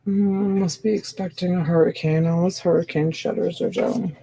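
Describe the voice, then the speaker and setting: A woman's voice: on the low side, fairly even intonation, moderate pace, dark tone, breathy edge, low-quality recording. A woman hosting a live-stream sale, chatting casually and rambling as she comments, sleepy and yawning.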